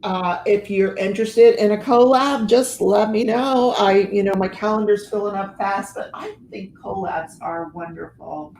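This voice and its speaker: A woman's voice: medium pitch, a little slow, hardly any pauses, darkish tone, reverberant, a little hiss or hum, rough recording. An older woman hosting a casual livestream chat, laughing often and reading viewer comments aloud. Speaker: host of a diamond painting live show. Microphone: headphones and computer mic, video call.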